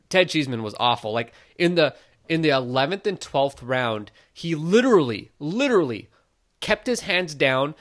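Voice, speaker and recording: A man co-hosting a casual sports podcast, talking in an opinionated, animated way with many "like" fillers. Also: fairly high pitch. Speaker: boxing podcast co-host. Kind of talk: casual conversational commentary.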